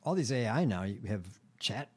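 A man co-hosting a podcast, reading out news stories in a slow, halting way with fillers. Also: lowish voice, very animated, breathy edge. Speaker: podcast co-host. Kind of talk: casual chat.

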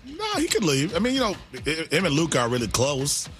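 A man's voice: a little high, fairly quick, music in the background. A male sports radio co-host who reacts to calls and breaks down the teams in an agreeable way. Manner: agreeable, analytical, animated.

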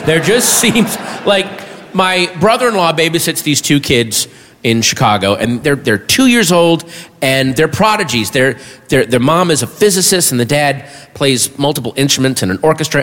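A man doing a stand-up comedy routine, animated and bursting into high shouted punchlines. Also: big-room sound.

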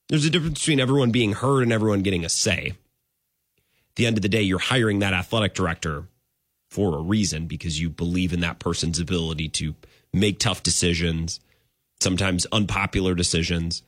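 A man hosting a sports talk radio show, rambling and animated with sudden jumps in pitch. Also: a little fast, no room sound, clean studio sound.

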